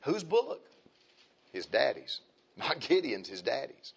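A male preacher delivering a sermon, dropping to quiet asides and rising to loud, high exhortation. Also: big pitch swings, moderate pace, husky, dull audio.

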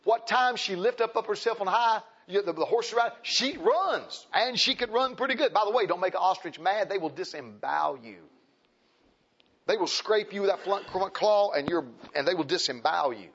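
A man preaching a fiery sermon, emphatic and repetitive, swinging between shouts and hushed tones. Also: high-pitched, lively intonation, normal speed, slightly rough. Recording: dull lo-fi recording.

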